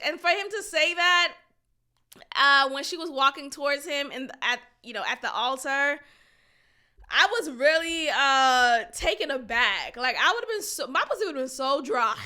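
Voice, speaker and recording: A woman's voice: high-pitched, pushed and bright. A woman hosting a podcast, chatting casually about a reality show in a blunt, opinionated way, swearing and laughing often. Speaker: podcast host.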